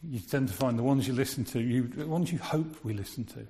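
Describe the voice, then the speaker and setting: A man's voice: mid-range voice, fairly quick, warm tone. Man preaching in a reverberant hall. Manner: conversational, asks the listeners rhetorical questions. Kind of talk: sermon. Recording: long reverb of a large hall.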